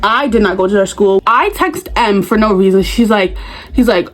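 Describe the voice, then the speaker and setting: A young woman vlogger telling school stories in casual chat, animated and acting out the other people's voices. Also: medium pitch, normal speed, rough recording. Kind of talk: casual storytime.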